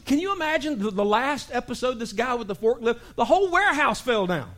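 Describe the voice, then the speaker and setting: A man preaches a sermon, spinning lively stories. His voice sits high, and he jumps into other people's voices, sometimes with sudden shouts. The delivery is animated and conversational. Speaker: pastor.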